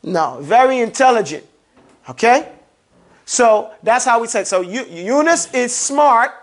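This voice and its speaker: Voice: mid-range voice, lively intonation, a little slow. Classroom teacher, call-and-response drills, casual explaining, plain examples, students nearby. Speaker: Arabic grammar teacher. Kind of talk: interactive classroom lesson.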